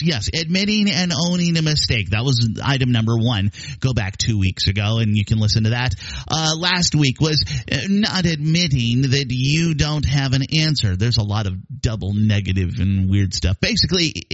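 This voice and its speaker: A man hosting a podcast, talking in a chatty, animated storytelling way with frequent restarts. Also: medium pitch, dry recording. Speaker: podcast host. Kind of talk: casual spoken monologue. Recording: dull lo-fi dry sound.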